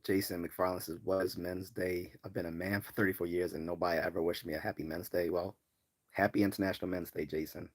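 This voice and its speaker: Talking fast in a deep voice with flat delivery, a man from Baltimore on the US East Coast runs a casual livestream. He reads chat comments out loud and rambles, full of fillers and restarts.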